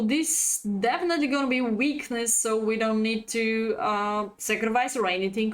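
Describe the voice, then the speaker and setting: A woman chess coach, a native Bulgarian speaker, giving a live-streamed lesson, chatty and laughing often as she reads out chat. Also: fairly high pitch.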